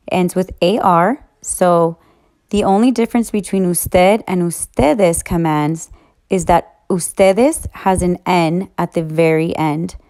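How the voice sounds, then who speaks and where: A woman's voice: fairly low pitch, mellow, smooth. Patient woman explaining Spanish grammar. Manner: patient, steps through each rule slowly. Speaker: Spanish teacher. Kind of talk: explaining grammar in a recorded lesson.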